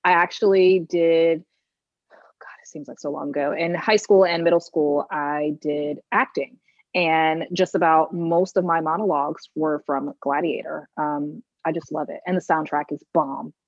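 Young woman guest gushing away, lowish voice, dry kinda dull audio. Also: fairly even intonation, unhurried, no room sound. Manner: enthusiastic, gushing. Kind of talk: casual interview chat.

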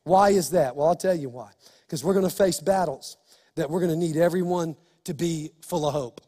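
A male pastor preaching an impassioned sermon, building to shouts. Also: fairly high pitch, normal speed, big-room sound.

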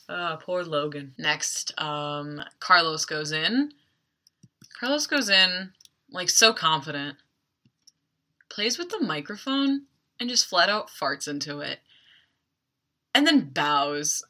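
Chatty woman with a bright voice. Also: sits low, sing-song. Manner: chatty and wry, with quick asides. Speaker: podcast host. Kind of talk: casual episode recap.

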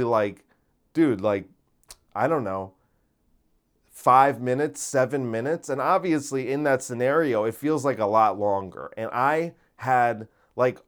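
Man, podcast host, casual storytelling, swears a lot, lively and animated. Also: medium pitch, clear, resonant tone. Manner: animated, profane, gets loud and giddy retelling.

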